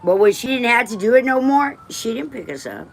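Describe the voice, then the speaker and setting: A woman's voice: fairly high pitch, very animated, brisk, gravelly. A woman from West Texas, livestreaming and telling rambling personal stories in a blunt, emotional way, swearing freely and drifting off topic.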